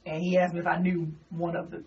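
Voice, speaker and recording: A woman's voice: on the low side, quick pace. A woman stand-up comedian with a slight twang, chatting as a radio guest and acting out the voices in her stories. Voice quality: says she has a twang. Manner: animated storyteller, acts out quotes. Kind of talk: casual radio interview chat. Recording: distant mic, dull lo-fi radio sound with faint hiss.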